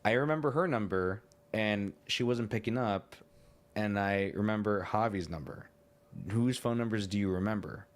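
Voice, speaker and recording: Male podcast host, lowish pitch, loose rambling storyteller who cusses casually. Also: moderate pace. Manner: rambling, swears freely, laughs often. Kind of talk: casual chat.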